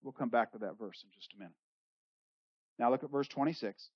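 Animated pastor preaching, dull dry recording. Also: a little fast, breathy edge, no echo. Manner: animated, acts out the quoted speakers with big swings in pitch and loudness; conversational, paraphrases in everyday words. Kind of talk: expository sermon, reading and explaining scripture. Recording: dull lo-fi sound.

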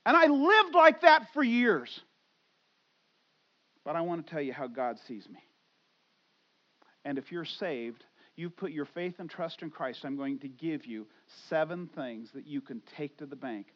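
A middle-aged man with a high voice preaches a sermon. He swings from loud, excited bursts to quiet, earnest asides and acts out the voices in his head. The recording sounds a little dull and lo-fi. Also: unhurried. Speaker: pastor.

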